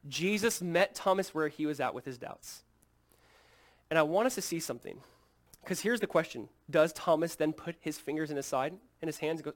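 Pastor guy preaching, fairly high voice, goes quiet then punches it up loud. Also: a little fast. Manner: earnest, swings from hushed to loud and emphatic; acts out quoted lines in a lively, casual way. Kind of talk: sermon.

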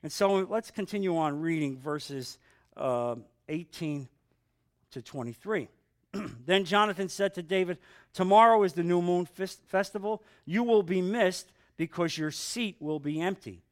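A man's voice: sits high, measured pace. A middle-aged man leading a Bible study, reading scripture aloud and breaking off into casual, humorous comments.

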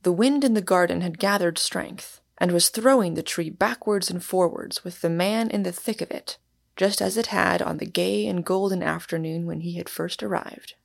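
A woman hosting a podcast, reading a novel chapter aloud in measured storytelling narration. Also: lowish voice, gravelly. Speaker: podcast host and reader. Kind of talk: audiobook narration.

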